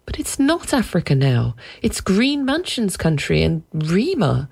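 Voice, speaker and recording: A woman voicing an anxious middle-aged mother in a storybook reading, a little higher than her own voice. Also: big pitch swings, a little slow, creaky, darkish tone, slightly rough, exaggerated voice. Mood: uneasy.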